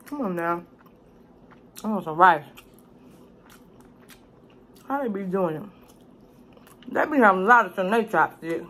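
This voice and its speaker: Here a woman speaks unhurriedly in a mid-range voice with lively intonation, pausing often. She's a cooking vlogger giving relaxed mukbang commentary while she eats, loud, profane and salty, and she keeps calling the viewer "baby."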